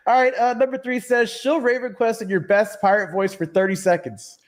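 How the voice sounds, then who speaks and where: Host, man, high voice, relaxed and loose, casual question reading. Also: brisk. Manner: laid-back, laughs easily, filler-heavy. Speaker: podcast host. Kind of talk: casual gaming podcast hosting.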